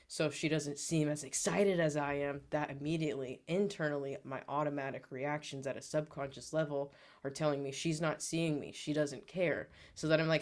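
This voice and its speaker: A man co-hosting a podcast, earnestly reflecting on his own feelings and growth with therapy-style language. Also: mid-range voice. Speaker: podcast co-host. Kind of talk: personal storytelling on a podcast.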